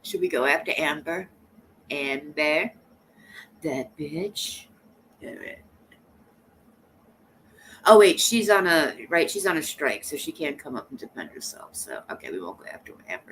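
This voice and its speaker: A woman hosts a laid-back live stream, teasing her viewers in a sassy tone and laughing often. Her voice is bright and her pitch swings widely. A faint hiss sits under her voice. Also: very animated, measured pace, pauses often. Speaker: livestream host. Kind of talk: casual live-stream chat.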